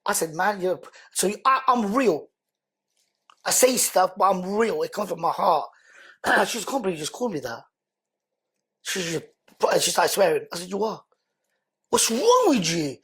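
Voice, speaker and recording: Husky man telling his story. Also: sits high, measured pace, long pauses. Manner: animated, slangy, repeats words for emphasis. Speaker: podcast guest. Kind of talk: emotional personal storytelling.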